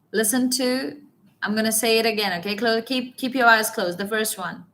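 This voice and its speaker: A woman's voice: mid-range voice, brisk. A woman coaching business English in a live online lesson, talking animatedly and checking in often with her viewers. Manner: animated teaching with repeated check-ins. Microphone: webcam or phone mic on a live stream.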